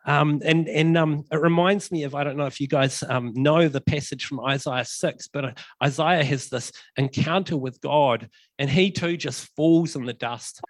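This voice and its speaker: A man's voice: fairly high pitch, moderate pace, no room sound. A man preaching a sermon in a conversational way, with lots of ums and emphatic repetitions.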